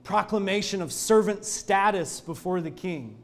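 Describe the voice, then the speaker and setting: Earnest pastor with a raised pitch. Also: male voice, moderate pace. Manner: earnest, expressive storytelling. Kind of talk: sermon. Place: church.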